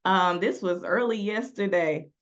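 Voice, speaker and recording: A woman's voice: on the low side, measured pace. A woman preaching a sermon in a conversational style that builds to emphatic, rising delivery. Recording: dull lo-fi sound.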